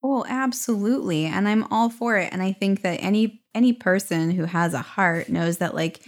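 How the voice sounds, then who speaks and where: A woman's voice: mid-range voice, moderate pace. A woman in her thirties co-hosting a podcast, agreeing and supportive in casual chat. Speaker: podcast co-host.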